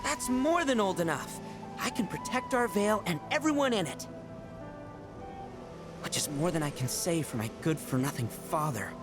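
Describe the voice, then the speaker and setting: A man's voice: high-pitched, big pitch swings, moderate pace. An actor voicing a proud adolescent male beast in a video game who speaks in an earnest, defiant way over game music.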